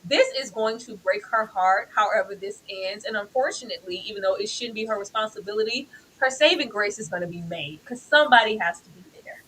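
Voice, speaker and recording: A woman co-hosting a casual TV review chat, animated and emphatic, acting out characters' lines. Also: medium pitch, fairly quick, a little hiss or hum, rough recording. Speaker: co-host of a TV review show.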